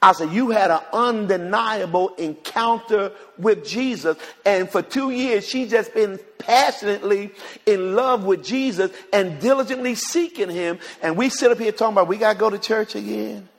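In a church sanctuary, a pastor addresses the congregation at normal speed, recounting a conversation and repeating phrases in his sermon. His voice is high, and the sound carries the echo of a large room.

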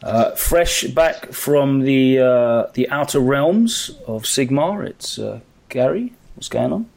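A young man hosting a laid-back podcast, his voice sitting in an ordinary middle range. He talks in a relaxed, chatty way, full of ums and uhs, as he steers the conversation. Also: medium pitch, slow, vocal fry. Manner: relaxed, chatty, frequent filler words. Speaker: podcast host. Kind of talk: casual podcast chat.

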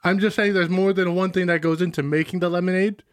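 A man's voice: sits high, fairly even intonation, fast talker, dry recording, lightly acted. A man playing a flustered, eager-to-please chef in an improv comedy scene. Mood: defensive. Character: put-upon male kitchen chef.

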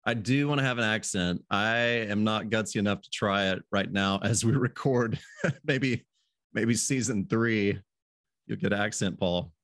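A man with a lowish voice hosts a relaxed podcast conversation. He is easygoing and chuckles often. The sound is dry and close, with no room echo. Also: a little slow. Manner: easygoing, laughs often, restarts phrases. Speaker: podcast host. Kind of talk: casual podcast chat.

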